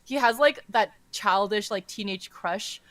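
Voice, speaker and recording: A young adult woman co-hosting a podcast, retelling a story in casual chat that is animated and full of "like" and swearing. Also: mid-range voice, unhurried, no room sound. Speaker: podcast co-host.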